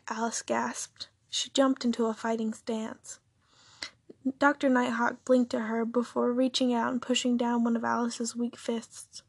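A woman narrating a fan story aloud in a steady reading voice, husky and gravelly. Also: a little high, unhurried, dry recording, clean studio sound.

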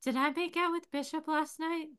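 A nervous young adventurer in a tabletop game, speaking hushed and hesitant in a high, thin voice, as a woman puts her on. The words come out quiet and hard to commit to. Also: fairly even intonation, normal speed. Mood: unsure.

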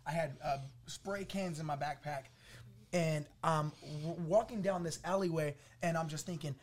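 A man from the Los Angeles area telling his testimony as a podcast guest, acting out what people said to him in an animated way. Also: on the high side, normal speed, a little hiss or hum. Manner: animated, acts out quoted voices, laughing through funny parts. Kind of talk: storytelling testimony.

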